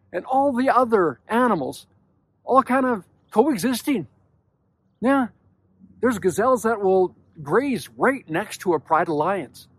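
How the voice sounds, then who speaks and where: A man's voice: sits high, slightly rough, no room sound. A man hosting a podcast, giving a blunt, emphatic motivational talk to men, with casual swearing. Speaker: podcast host.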